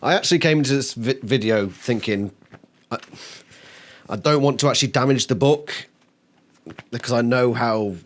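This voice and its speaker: A man's voice: mid-range voice, moderate pace, pauses often. A man reviewing a book on camera, exasperated and swearing constantly, mocking the characters by acting out their lines. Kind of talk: ranting video review.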